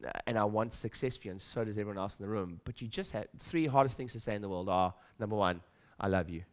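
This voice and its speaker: On stage at a practice-building seminar, a middle-aged man gives a motivational talk in a fairly low voice, speaking fast. He is emphatic and repetitive, acts out his own doubting inner voice, and puts questions to the audience.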